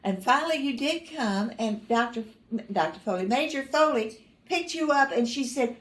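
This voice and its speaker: Speaking at a normal pace with a slightly high voice and lively intonation, an older woman recounts family memories in a reverberant space. She rambles, corrects herself as she goes, and mixes in dry humor and small laughs.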